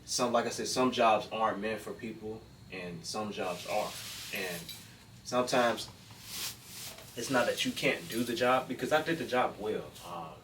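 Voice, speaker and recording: A man on a podcast talking in casual chat, halting with many fillers and repeated words. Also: lowish voice, a bit bright. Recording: roomy, distant mic with faint noise.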